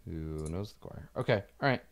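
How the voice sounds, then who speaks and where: Low-voiced man running a tabletop game. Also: expressive, moderate pace. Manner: rambling, many fillers and restarts. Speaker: game master.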